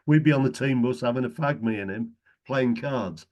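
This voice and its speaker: A man's voice: medium pitch, normal speed, a little mellow, muffled recording. A middle-aged man chatting casually as a guest, telling anecdotes and chuckling often. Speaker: guest, retired footballer.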